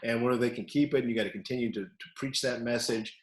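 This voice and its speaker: A man, a wrestling coach, telling stories in casual chat and loudly acting out what people said. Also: medium pitch, fast talker. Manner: animated, acts out quotes loudly. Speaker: wrestling coach, podcast co-host. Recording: echoey room.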